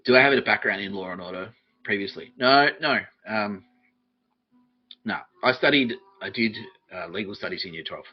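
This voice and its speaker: A man's voice: medium pitch, husky, lo-fi sound. An Australian man hosting a podcast, answering listener questions in a rambling, profane way and laughing often at himself. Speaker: podcast host.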